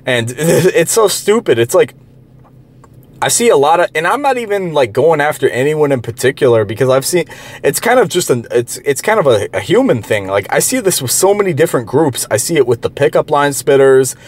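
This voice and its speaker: A man pitched a little above the usual male range delivers a profane, heated rant. He rambles, restarts his sentences and tosses in filler words, with a derisive edge throughout. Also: sing-song, fairly quick. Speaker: online commentator. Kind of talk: profane ranting monologue.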